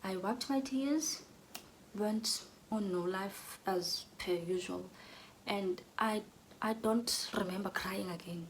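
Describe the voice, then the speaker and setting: Young woman, earnest storytelling, gravelly edge, faint hiss behind. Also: mid-range voice, slow, rough recording. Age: young adult. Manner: earnest, drops to soft whispers when emotional. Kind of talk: personal storytelling vlog.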